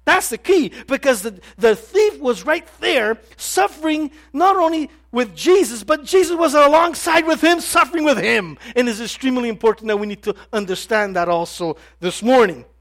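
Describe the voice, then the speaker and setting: A man preaching a sermon with passion, halting and restarting his sentences, then pushing certain words out loud. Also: very high voice, expressive. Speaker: pastor.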